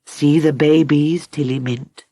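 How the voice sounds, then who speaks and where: A woman's voice: low-pitched, steady tone, unhurried, no room sound, studio quality. A woman voicing a stern, sorrowful female mole rat queen in an audiobook. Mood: grave. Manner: grave, stern, then soft and sad. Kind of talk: audiobook character reading.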